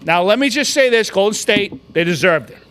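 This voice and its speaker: A man, co-hosting a podcast, ranting loudly about basketball with constant swearing and frequent shouting. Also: high voice, animated, a little fast. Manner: loud, swearing, shouting often. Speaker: podcast co-host. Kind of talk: profane sports rant.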